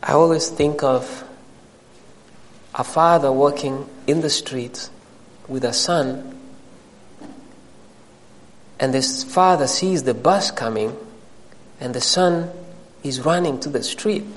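A man's voice: mid-range voice, slow pace, pauses often, big-room sound, poor audio. A man preaching a sermon to a congregation, addressing them directly and rising into emphatic questions.

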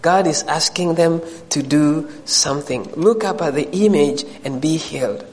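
A man preaching a sermon with animated, rising emphasis, his voice sitting a little high for a man. He presses his points with direct questions to the congregation. The sound carries a long hall reverb. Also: moderate pace.

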